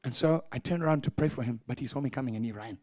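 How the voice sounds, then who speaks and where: A man preaching a sermon as pastor, telling stories in an animated way and acting out voices. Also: mid-range voice, racing, dry recording, studio quality. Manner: animated, acts out voices, laughs at own stories. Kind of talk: sermon storytelling.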